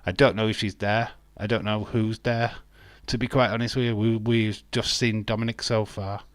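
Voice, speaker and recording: An English man hosting a live watch-along stream, talking loosely and joking as he answers his chat. His voice sits on the low side, and the sound is dry and close with no room to it. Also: flat delivery, normal speed, no echo. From England. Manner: chatty, jokey, reads viewer chat aloud. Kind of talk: casual wrestling watch-along commentary.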